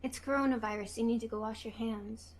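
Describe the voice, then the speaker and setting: A young woman with a fairly high voice chats on a livestream as a guest. She rambles and gushes, circling back on her own words with plenty of restarts and fillers. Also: steady tone, brisk. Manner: rambling, gushing, puts on a pleading baby voice at times. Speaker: stream guest. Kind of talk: casual stream chat.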